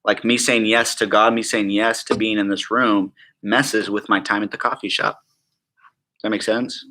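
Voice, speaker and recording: A man teaching a class at a prayer school in a casual, joking way, full of asides and quick check-ins with the room. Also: lowish voice, little pitch movement, sharp tone. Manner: chatty, joking, full of "like" and "right?".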